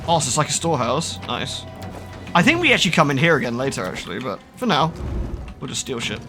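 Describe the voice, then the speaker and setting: Male game streamer, casual and loose, lively pitch, reads text aloud, faint music behind. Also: fast. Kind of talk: casual gameplay commentary and reading aloud.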